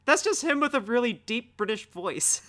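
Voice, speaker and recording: A man's voice: extremely high pitch, expressive, normal speed, sharp tone. A young man co-hosting a casual podcast about films, rambling with lots of "like" fillers and easy laughs. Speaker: podcast co-host. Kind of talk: casual film discussion.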